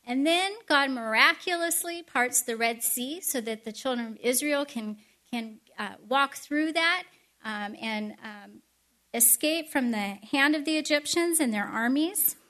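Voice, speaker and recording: A middle-aged woman giving a storytelling sermon with chatty, animated asides. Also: high voice, measured pace. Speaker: speaker at a Christian event.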